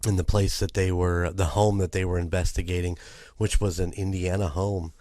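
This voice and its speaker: A man co-hosting a podcast, talking in a laid-back, meandering and halting way. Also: low voice, flat delivery, dark tone, no echo, clean studio sound. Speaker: podcast co-host. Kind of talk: casual chat.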